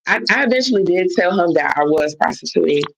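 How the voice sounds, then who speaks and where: This woman's voice is low, quick and gravelly as she tells a long, animated story on a live stream, performing what others said. The dull lo-fi audio carries a little hiss or hum.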